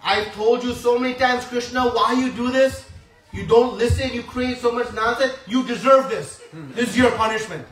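A boastful, indignant elder brother, put on by a man in a high, loud and theatrical voice. He scolds and brags with great force. It sounds roomy and off-mic. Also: moderate pace. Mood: scolding. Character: boastful young boy Balaram, blustering elder brother. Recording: echoey room heard from a distance.

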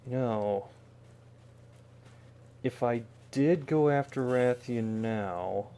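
A man in the middle range of pitch talks his way through a video game stream. He mutters to himself with a wry edge and drops joking asides as he plays. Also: drawn-out words, dark tone, clear, resonant tone. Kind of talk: casual gameplay commentary.

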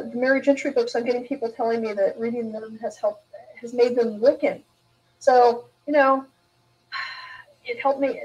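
A woman's voice: fairly high pitch, darkish tone, highs cut off. A woman author in a live interview, telling candid stories in a rambling way with frequent restarts. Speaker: author guest.

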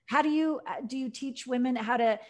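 A woman hosts a conversational podcast interview, her voice a little higher than most. She listens closely, murmurs along, and asks searching questions. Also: fairly quick, darkish tone. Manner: engaged, frequent affirming murmurs. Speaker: podcast host.

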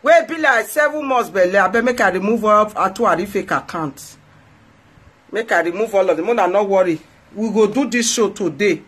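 A woman's voice: a little high, fairly bright tone, slightly rough. A woman with a Nigerian Pidgin accent, hosting her own show and scolding someone in an indignant rant, repeating phrases for emphasis. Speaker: host. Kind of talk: ranting monologue to followers.

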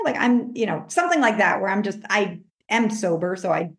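A woman life coach talking in a casual interview, animated, acting out her own self-talk in a higher voice. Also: brisk, reverberant. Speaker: life coach, podcast guest.

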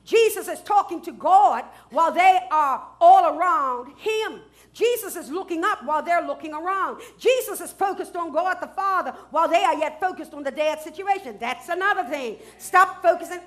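A woman pastor preaching a sermon, dropping to hushed asides and rising to loud shouts, with features. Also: extremely high pitch, lively intonation, normal speed. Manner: swings from hushed asides to loud shouted declarations, laughs often.

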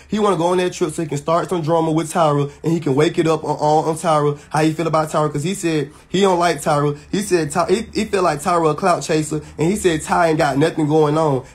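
A social media personality vents heatedly and emphatically straight to camera for his viewers. His voice is fairly high-pitched and husky, and he swears and restarts often.

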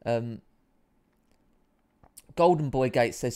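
A man's voice: medium pitch, measured pace, darkish tone. A man hosting a live stream, chatting casually with viewers and reading out their comments, with a rambling, self-deprecating manner.

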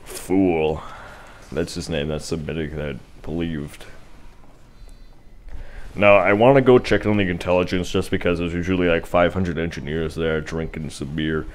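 A young man with a very low, deep voice talks over his gameplay in a loose, rambling way. He tosses out sarcastic asides and chats to his viewers as the match goes on. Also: fairly even intonation, normal speed, a little hiss or hum. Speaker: gameplay commentator. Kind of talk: casual let's-play commentary.

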